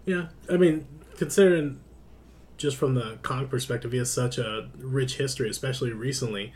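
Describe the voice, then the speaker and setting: A man's voice: mid-range voice, a little fast, darkish tone. A man co-hosting a casual podcast, thoughtful and hesitant as he searches for his words. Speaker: podcast co-host. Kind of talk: casual chat.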